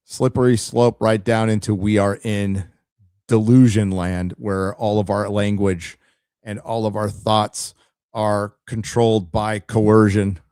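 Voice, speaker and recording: A man's voice: fairly low pitch, flat delivery, slow, darkish tone, clear, resonant tone, no echo, clean studio sound. A man hosting a live show, giving blunt, opinionated commentary to his chat, with frequent stammered restarts. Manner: addresses chat directly. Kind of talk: casual opinionated livestream commentary.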